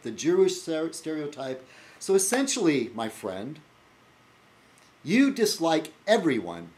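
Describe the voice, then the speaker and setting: Rambling, lively male video blogger. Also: a little high. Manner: rambling, full of fillers and restarts, wry. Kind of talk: casual rambling monologue.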